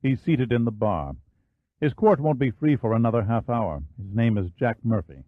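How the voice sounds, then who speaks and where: A man's voice: mid-range voice, animated, moderate pace, dry recording, lightly acted. A man voicing a courteous, businesslike club manager in an audiobook. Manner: polite, businesslike. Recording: dry, phone-like narrow band.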